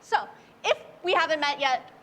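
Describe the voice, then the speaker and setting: Young woman from Oklahoma, high voice, upbeat casual meetup speaker, faint background noise. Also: lively intonation, normal speed, bright, forceful tone. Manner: upbeat, chatty, friendly. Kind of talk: casual tech talk.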